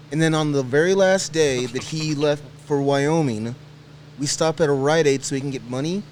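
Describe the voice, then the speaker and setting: A man telling a story as a podcast guest, quick and repeating words as he goes. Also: fairly high pitch, slight background noise. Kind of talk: casual storytelling.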